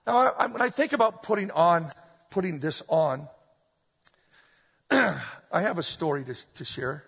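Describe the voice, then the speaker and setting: A middle-aged man preaching a sermon, animated and full of humorous storytelling, recorded in a church hall. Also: on the high side, measured pace, vocal fry, slightly rough. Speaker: pastor. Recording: dull echoey hall recording.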